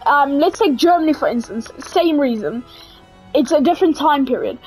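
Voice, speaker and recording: A woman's voice: high voice, animated, moderate pace, darkish tone, faint music behind, low-quality recording. A young South African woman, a native Afrikaans speaker, giving casual, hesitant gameplay commentary full of fillers. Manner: hesitant, many fillers and restarts. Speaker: gaming video creator.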